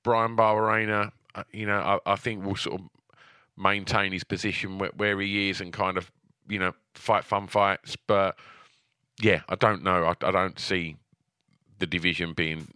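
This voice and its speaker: A man co-hosting a podcast, talking casually in a halting way with many ums and some dry teasing. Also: low-pitched, little pitch movement, pushed and bright, clean tone, no echo. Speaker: podcast co-host. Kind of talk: casual chat.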